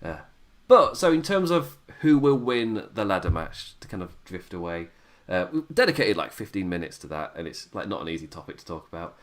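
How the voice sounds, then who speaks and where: A man's voice: low-pitched, big pitch swings, fairly quick. An English man hosting a wrestling review podcast, talking casually and laughing often. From England. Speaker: podcast host.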